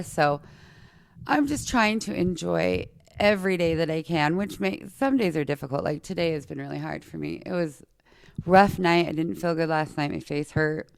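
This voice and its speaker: A woman's voice: on the low side, gravelly, smooth, no room sound, clean studio sound. A woman in her forties from Utah with a lisp, chatting casually and telling personal stories straight to her listeners. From Utah, USA. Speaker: podcast host.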